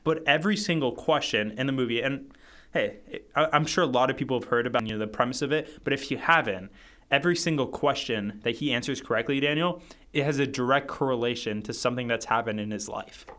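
A man's voice: medium pitch, fast, a bit bright. A young man co-hosting a casual chat, rambling with lots of fillers. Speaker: podcast co-host. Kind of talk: casual movie-list chat.

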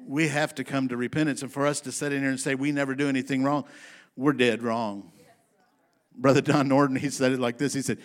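A man preaching a sermon to his congregation in a folksy, emphatic style, slowing down to read scripture and speeding up for asides. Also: mid-range voice, level tone. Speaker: pastor.

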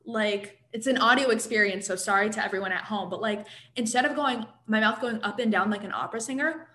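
A woman's voice: mid-range voice, fairly quick, pushed and bright, roomy sound. A woman co-hosting a podcast, chatty and self-deprecating. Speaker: podcast co-host. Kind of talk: casual podcast chat.

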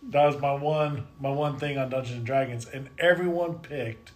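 A man chatting casually on a podcast in a relaxed way, filling his sentences with 'like' and 'uh'. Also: mid-range voice, moderate pace. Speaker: dungeon master. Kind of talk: casual chat.

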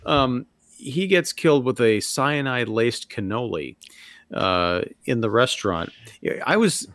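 A man co-hosting a podcast in casual movie review chat, animated and quick to laugh, recorded on a close mic in a dry studio room. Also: mid-range voice. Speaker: podcast co-host.

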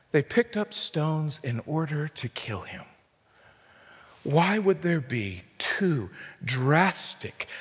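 Male pastor, high-voiced, passionate sermon delivery with a long hall echo. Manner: impassioned preaching with big swings in pitch and loudness.

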